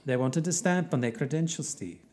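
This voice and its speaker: A man's voice: on the high side, a little fast, a little mellow, pitched above the performer's own voice, close to an everyday voice. A man voicing a teasing woman walking companion with a put-on Norwegian accent.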